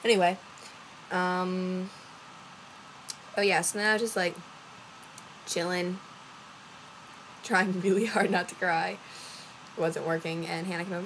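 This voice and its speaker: A woman's voice: fairly low pitch, fairly even intonation, measured pace, pauses often, a little hiss or hum, poor audio. A young woman from Louisiana telling a long story to her camera, rambling with lots of fillers and acting out what others said. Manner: rambling, acts out quoted voices, many fillers. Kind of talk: casual storytelling vlog.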